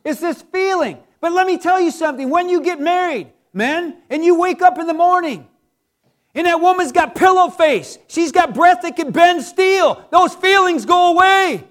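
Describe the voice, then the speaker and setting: Middle-aged guy preaching, really high voice, chatty and jokey, lots of questions to the crowd. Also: moderate pace, fairly bright tone. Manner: conversational, joking, rhetorical questions. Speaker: pastor. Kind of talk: sermon.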